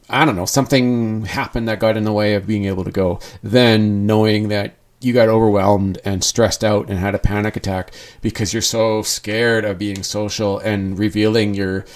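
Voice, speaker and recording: A man speaking candidly in a personal monologue, earnest and rambling, often restarting his sentences. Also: on the low side.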